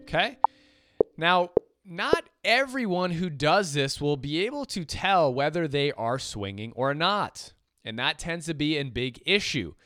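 A man's voice: a little high, expressive, a little slow, a bit bright, faint music behind. A man teaching jazz swing feel, explaining patiently and counting beats aloud. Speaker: music teacher. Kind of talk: instrument lesson.

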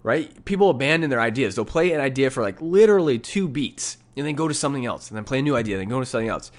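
A man's voice: medium pitch, animated, rapid-fire. A man teaching, breaking down his recorded piano solo in a casual way, scatting rhythms aloud and often asking "right?", with faint piano under him. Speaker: music teacher. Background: faint piano music.

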